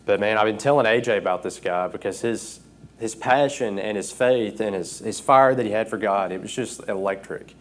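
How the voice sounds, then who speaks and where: A man preaching an informal sermon from a church stage, emotional and earnest, often pausing with fillers. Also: on the low side. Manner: earnest, halting with frequent fillers.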